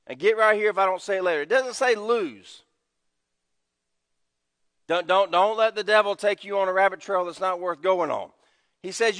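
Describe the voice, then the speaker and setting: Man, pastor, sermon, high voice, dynamic swings from loud to hushed, church hall reverb. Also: normal speed. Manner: dynamic preaching, swinging from loud emphasis to hushed low tones. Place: church sanctuary.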